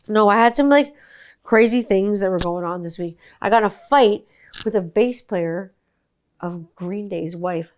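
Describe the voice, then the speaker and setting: A woman's voice: mid-range voice, measured pace, smooth. A woman in her forties hosting a podcast, ranting and telling stories in a casual, sweary, sarcastic way. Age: 40s. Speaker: podcast host. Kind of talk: casual profane monologue.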